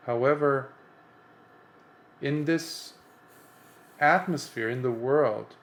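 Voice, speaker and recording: A man with a gravelly, creaky edge to an otherwise mid-pitched voice gives an impromptu dharma talk as a Buddhist monk. He speaks earnestly and with emphasis, climbing higher when he presses a point and often restarting mid-sentence. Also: takes it slowly.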